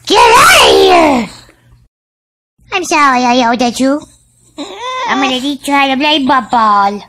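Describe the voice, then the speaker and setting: A woman voicing a sassy, foul-mouthed little pug dog in a comic pet voice-over, with a drawn-out, bossy baby-talk manner. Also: sits high, pushed and bright.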